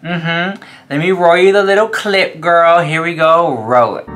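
Sassy male beauty vlogger, excitable and dramatic, bright and punchy. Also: unhurried. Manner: sassy and dramatic, calls viewers "girl"; gushing, excitable, with sudden pitch jumps. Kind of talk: casual commentary to camera.

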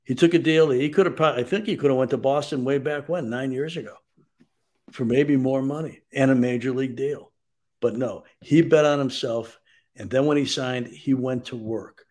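Older man, measured storytelling. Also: mid-range voice, darkish tone. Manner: measured storyteller, frequent "um" and "you know". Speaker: baseball executive guest. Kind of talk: sports radio interview.

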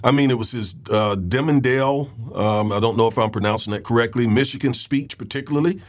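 A man's voice: mid-range voice, a little fast. A man hosting a political commentary show, talking in a loose conversational monologue, often repeating words and checking in with his listeners.

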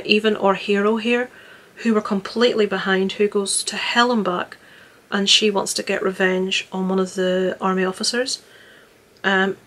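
A woman's voice: mid-range voice, fairly bright tone. A young woman chatting casually about films she watched, earnest and rambling with frequent restarts. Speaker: vlogger reviewing films. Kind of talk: casual film review chat.

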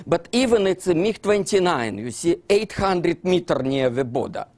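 Halting man. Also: on the high side. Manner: halting non-native English with frequent fillers and "you see, so"; animated, with bursts of amused laughter. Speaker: lecturer. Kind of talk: illustrated history lecture.

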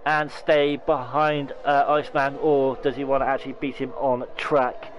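A man commentating a sim racing league, excitable, correcting himself often, and losing his voice. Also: medium pitch, slight background noise, rough recording. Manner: excitable, talks fast with restarts and self-corrections. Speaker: race commentator.

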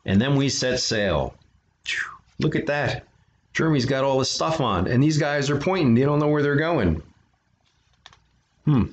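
Animated man reading a picture book aloud. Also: mid-range voice, a little slow, long pauses. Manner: animated, chatty asides to listeners. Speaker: storyteller for an art studio. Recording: dull lo-fi recording.

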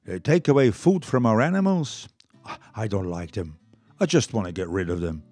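A grumpy farmer, put on by a man reading a children's story, grumbling in a gruff, husky voice. He sounds put out and complaining. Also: fairly low pitch, animated, normal speed, darkish tone, faint music behind. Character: grumpy farmer who hates mice.

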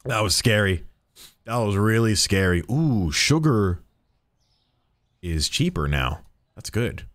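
Man, gameplay streamer, animated, jokey, swearing, talks to game characters, dry close sound. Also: on the low side, slow pace, dry recording. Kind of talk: live gameplay commentary.

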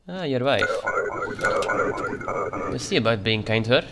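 A man's voice: mid-range voice, animated, unhurried, long pauses, fairly bright tone, slight background noise. A man commenting on his gameplay, playing a border guard in a playful put-on Russian-style voice and muttering as he reads documents. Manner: mutters while reading documents. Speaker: gaming channel host. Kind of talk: let's play commentary.

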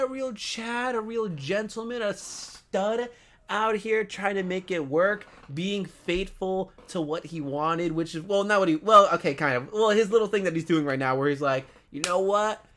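A young man reacting to anime in a loose, slangy way. He laughs constantly and jumps to loud outbursts, and his voice is bright and forward. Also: sits high. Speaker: anime reaction channel host. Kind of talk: casual reaction commentary.

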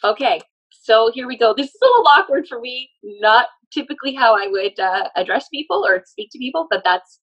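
A woman's voice: on the high side, sing-song, a little fast, a bit bright, highs cut off. A woman working as a medium, relaying messages in a casual, emphatic way. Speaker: medium channeling a spirit. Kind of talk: casual spoken channeling session.

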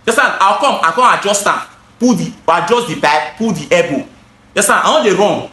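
Casually showing his products to the camera, a Nigerian-accented gutter installer and seller speaks at a moderate pace in a high voice with lively intonation and a bright, forceful tone. The audio is reverberant, and he stays emphatic and repetitive while switching into pidgin.

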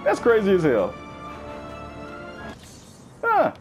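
A man giving casual, slangy let's-play commentary, swinging between high yelps and low growls. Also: takes it slowly, soft background music. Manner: animated, slangy, swings into high-pitched bits and deep growls. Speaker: gaming YouTuber.

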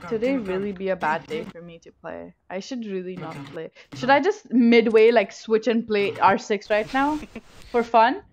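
This is casual live gameplay commentary: a young woman plays a shooter on stream, swearing openly into her headset mic and shrieking when a kill slips away. She speaks in a mid-range voice with a darkish tone, neither fast nor slow.

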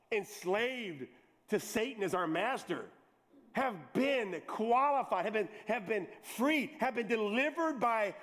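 A middle-aged pastor with a fairly high voice delivers a sermon. He breaks off for playful jokes aimed at his congregation, then presses back into his point with repeated words and quick restarts. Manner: lively, joking asides to the congregation.

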